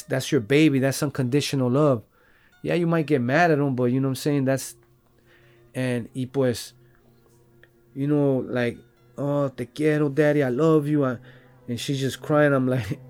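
Speaking in a mid-range voice with a darkish tone, a man on a podcast recounts his own life in casual, rambling fashion. He leans on profane street slang, scattering "like" and "you know" throughout.

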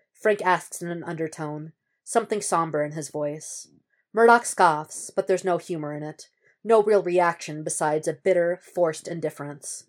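A woman reading a piece of fan fiction aloud as an audiobook, at a steady, measured pace. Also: low-pitched. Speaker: podfic reader.

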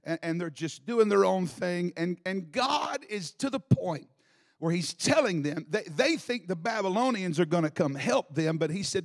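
A male preacher giving a live sermon in a church, moving from quiet teaching to shouted exhortation. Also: high voice, lively intonation, a little slow. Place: church in Alabama.

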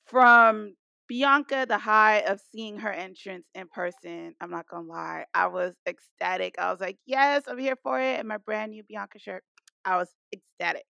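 A woman co-host in a casual group chat about wrestling, telling an animated, profane story. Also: fairly low pitch, creaky, no echo.

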